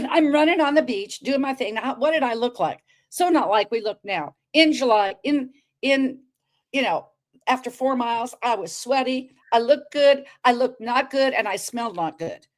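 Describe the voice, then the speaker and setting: Animated woman telling a story. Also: a little high, normal speed. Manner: expressive, acts out quoted dialogue, preachy asides to listeners. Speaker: guest. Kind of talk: animated storytelling in a talk show.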